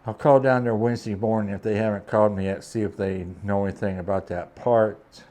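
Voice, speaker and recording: A man's voice: lowish voice, steady tone, a little fast, a little mellow. A truck driver telling a casual vlog story from a hotel room. He talks in an easygoing, rambling way and often drops in "man".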